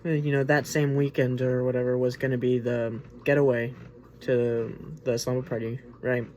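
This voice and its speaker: A man's voice: medium pitch, little pitch movement, moderate pace, darkish tone, a little hiss or hum. A man hosting a casual spoken movie review, rambling and informal with lots of restarts and filler words. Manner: rambling and informal, with many restarts, "like" and "you know". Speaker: movie reviewer, host of the show.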